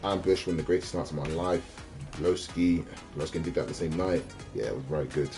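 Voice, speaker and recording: A man's voice: deep voice, a little fast, few pauses, warm tone. A man, chatting casually on a livestream in a rambling, slangy way that often breaks off mid-sentence. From South West London. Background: faint radio music.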